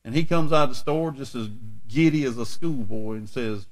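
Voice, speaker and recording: Male preacher, lively folksy storyteller, medium voice. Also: medium pitch, moderate pace. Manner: folksy, animated storytelling with acted dialogue. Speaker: preacher telling his testimony. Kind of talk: storytelling sermon.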